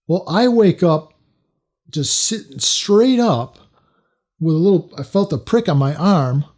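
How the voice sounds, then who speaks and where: A man's voice: on the high side, animated, a little slow, a little mellow. A man telling a personal story to camera in a loose, casual way, full of fillers and restarts. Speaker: storytelling vlogger.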